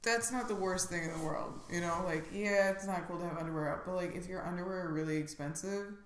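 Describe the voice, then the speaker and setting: A woman's voice: lowish voice, fast, roomy sound. A woman co-hosting a podcast, chatting casually and laughing easily, with lots of likes and fillers. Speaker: podcast co-host. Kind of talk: casual comedic chat.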